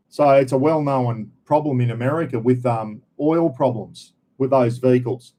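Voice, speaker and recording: An Australian man hosts a casual live-stream rant, speaking straight to his viewers. His voice is mellow and a little dark, at an ordinary pitch for a man. He is blunt and swears freely as he talks. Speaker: livestream host.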